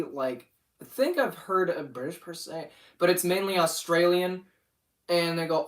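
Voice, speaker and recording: A man's voice: fairly high pitch, a little slow, a bit bright, recorded from a distance. A young man rambling casually about his animation channel on a livestream, often getting sidetracked. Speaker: channel owner.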